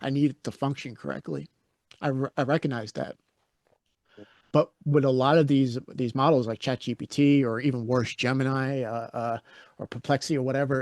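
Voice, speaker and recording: A man's voice: mid-range voice, darkish tone. A man co-hosting a podcast in casual, unscripted chat, with a mid-range voice. He tells his stories bluntly and gives strong opinions. The sound is dry, with almost no room echo. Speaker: podcast co-host.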